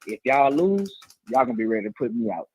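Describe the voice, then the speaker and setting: A man in his thirties, a teacher and co-host, telling stories in casual slangy chat and acting out quotes with lively voices. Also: medium pitch, fast, slightly rough, no echo, rough recording. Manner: animated storytelling, slangy, acts out quotes.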